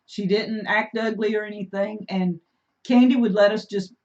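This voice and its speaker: A woman's voice: mid-range voice, fairly even intonation, normal speed, a little mellow. A middle-aged woman, co-hosting a casual homestead live stream, chatty and reading out viewer comments. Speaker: homesteading channel co-host. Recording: dull lo-fi stream audio.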